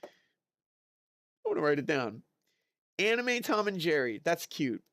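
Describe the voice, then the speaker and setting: A man streaming live, chatting casually and reacting excitedly to chat messages. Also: fairly high pitch, measured pace, dry recording, clean studio sound. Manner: chatty, excitable, lots of fillers and exclamations.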